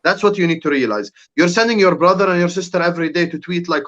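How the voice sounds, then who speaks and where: Young male podcast guest, heated ranter, raised pitch, lo-fi dull recording. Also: animated, fast, a bit bright. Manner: heated ranting with swearing. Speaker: podcast guest, rival fan. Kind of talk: casual podcast chat.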